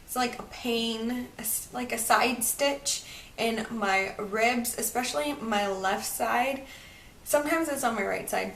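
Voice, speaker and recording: A woman's voice: mid-range voice, fairly bright tone, distant mic, slight background noise. A woman in her twenties chatting in a bubbly, upbeat way for a casual home vlog update. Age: 20s. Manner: bubbly and chatty, heavy use of "super duper". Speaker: vlogger. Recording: roomy, away from the mic.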